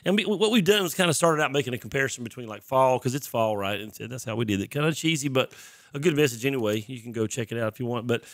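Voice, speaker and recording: A man hosting a Christian show, talking casually and teaching, congested and often clearing his throat. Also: mid-range voice, expressive, fast talker, dry recording, studio quality. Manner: chatty, self-deprecating, throat clearing. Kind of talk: casual sermon talk.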